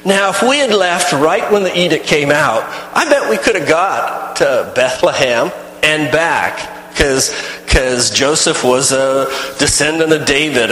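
A man's voice: fairly high pitch, a bit bright, roomy sound, long reverb tail, rough recording. A man telling a first-person story in character, rambling and folksy, with many restarts.

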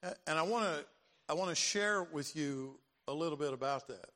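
Older guy preaching, kinda high voice, lots of repeating, big echoey church hall. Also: moderate pace, fairly bright tone. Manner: dramatic preaching, repeats phrases. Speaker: pastor. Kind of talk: sermon. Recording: long reverb of a large hall.

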